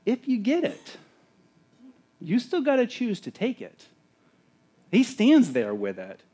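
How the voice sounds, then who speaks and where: Exuberant, fairly high-voiced male pastor. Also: wildly swooping pitch, slow. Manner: exuberant, rising to near-shouts of joy; lapses into soft, intimate prayer. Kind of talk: sermon with sung hymn lines.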